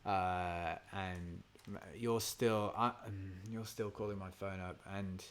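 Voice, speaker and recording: A man's voice: low voice, fairly even intonation, takes it slowly. A man talking casually while writing a song, thinking aloud, trailing off and trying lines under his breath. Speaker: singer-songwriter streaming a songwriting session.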